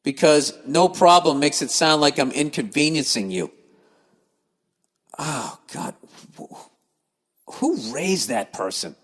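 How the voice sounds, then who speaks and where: A man on a podcast reads out listener mail and then tears into it, cursing freely and sounding exasperated and sarcastic. His voice sits a little high for a man. A long reverb trails behind his words. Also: lively intonation, slow, pauses often, slightly rough. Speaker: podcast host. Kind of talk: reading listener emails and ranting comedically.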